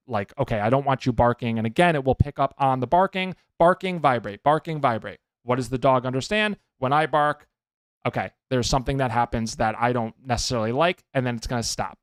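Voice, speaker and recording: A man's voice: medium pitch, clear, resonant tone, no room sound, studio quality. A man who trains dogs, hosting a podcast and giving emphatic advice, often checking in with listeners. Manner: emphatic, keeps checking in with "okay?". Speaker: dog trainer, podcast host. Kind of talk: casual advice talk.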